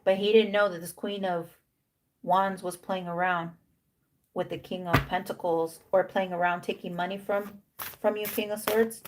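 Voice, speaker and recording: A woman's voice: on the low side, little pitch movement, moderate pace, slight background noise. A woman giving a casual tarot reading. She repeats herself for emphasis, drops Spanish slang words into her English, and acts out imagined lines for the figures on the cards. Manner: repetitive, emphatic. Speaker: tarot reader.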